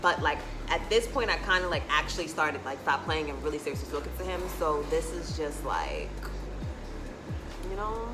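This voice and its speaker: Young woman, low-ish voice, candid chatty storyteller, clear music bed underneath. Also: sing-song, moderate pace, poor audio. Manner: chatty and candid, swears freely, fills with "like". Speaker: vlogger. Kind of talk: casual storytime monologue. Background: background music.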